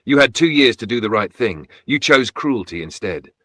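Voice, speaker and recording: A man's voice: mid-range voice, animated, normal speed, bright, forceful tone, dry recording, studio quality. A man doing an emotional, remorseful father. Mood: cold. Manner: emotional, pleading, angry. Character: remorseful middle-aged father, enraged then broken.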